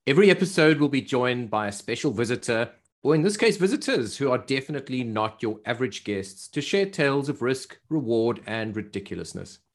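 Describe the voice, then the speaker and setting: A man's voice: medium pitch, lively intonation, brisk. A man with a South African accent co-hosting a podcast, introducing guests with dry, self-deprecating humor. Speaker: podcast co-host. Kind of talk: podcast hosting, light banter.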